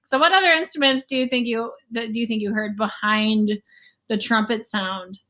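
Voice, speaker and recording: A woman's voice: a little high, normal speed, bright, forceful tone. A young adult woman giving a casual online music lesson, explaining rhythm and scales and sometimes humming or counting beats aloud. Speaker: music teacher.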